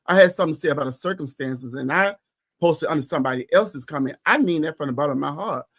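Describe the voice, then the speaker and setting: A man's voice: on the high side, quick pace, fairly bright tone. A man co-hosting a podcast in casual chat, ranting heatedly and profanely with emphatic repetition. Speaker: podcast co-host.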